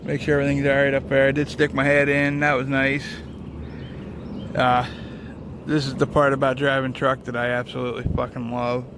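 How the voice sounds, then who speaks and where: Man, gravelly voice, casual rambling, constant swearing, noisy outdoor phone recording. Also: medium pitch. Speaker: truck driver vlogger. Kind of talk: casual walking vlog. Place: outdoors at a lakeside rest area. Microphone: handheld phone.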